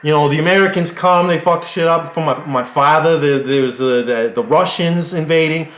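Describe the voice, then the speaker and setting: A man voicing a foul-mouthed male centaur refugee who shouts indignantly, recorded in an echoey room. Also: on the high side, normal speed, pitched below the performer's own voice, natural voice. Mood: emotional.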